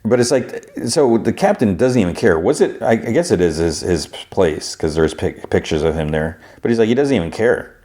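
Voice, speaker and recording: A man's voice: on the low side, expressive, normal speed, hardly any pauses, a little mellow. A man hosting a podcast, casually recapping an episode in a rambling, filler-heavy way and acting out the characters. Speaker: podcast host.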